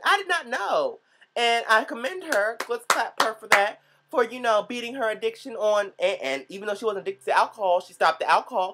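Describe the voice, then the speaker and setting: A man chatting casually to camera about celebrity news, sassy and playful, with sudden high squeals when he exclaims. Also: fairly bright tone. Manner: chatty and playful, talks straight to the viewer. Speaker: vlogger.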